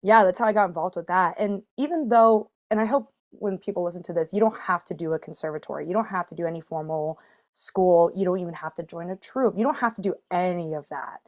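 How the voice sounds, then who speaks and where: A woman's voice: on the low side, quick pace, lo-fi sound. A woman from the American South, a burlesque performer chatting as a podcast guest, chatty and self-deprecating, laughing often. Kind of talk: casual chat.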